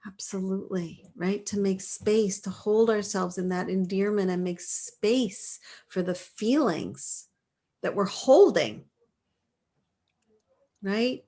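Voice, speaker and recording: A woman in her forties leading a live online class, reading out chat replies in a gentle, affirming way and laughing often. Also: mid-range voice, takes it slowly. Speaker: course leader.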